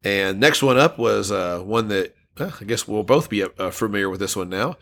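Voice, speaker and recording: Bright-voiced man co-hosting a podcast. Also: on the low side, expressive, normal speed, vocal fry. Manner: laughs often, reads listener comments aloud. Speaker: podcast co-host. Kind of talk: casual podcast chat.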